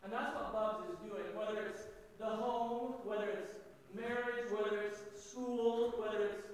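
A man with a high voice preaches a sermon, calling questions out to his congregation and building to emphatic peaks. He is picked up from a distance in a large church hall, so his voice rings with a long, heavy echo and a faint hiss sits under it. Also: steady tone, unhurried. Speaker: pastor. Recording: echoey hall, distant mic, faint noise.

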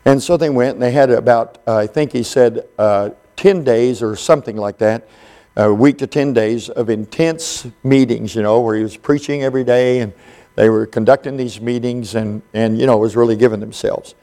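A man preaching a sermon in an unhurried, folksy storytelling way, with frequent pauses and fillers. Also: medium pitch, warm tone.

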